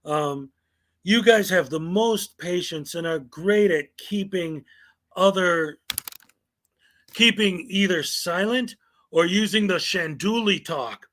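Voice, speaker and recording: A man's voice: high-pitched, slow, fairly bright tone. A man hosting a commentary show, reading viewer comments aloud in a sarcastic, mocking way. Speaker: commentary channel host.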